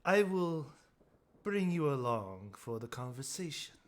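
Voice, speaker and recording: A man's voice: mid-range voice, big pitch swings, a little slow. A man voicing a scheming male sphinx who fawns over his lord in formal, servile speech. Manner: fawning, formal.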